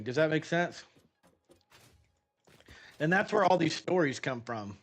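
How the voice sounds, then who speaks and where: A middle-aged man streaming a game, telling rambling, animated stories in a casual way with many fillers. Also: on the high side, measured pace, pauses often, slightly rough. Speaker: gaming streamer. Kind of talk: casual storytelling while playing a game.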